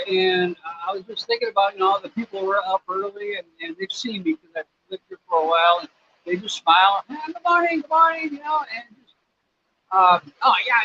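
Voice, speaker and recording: A man's voice: high voice, pushed and bright, husky. A man from the United States hosting a casual livestream, answering viewer questions in a rambling, laid-back way with lots of fillers. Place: his home in Cambodia. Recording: slightly dull sound, faint background noise.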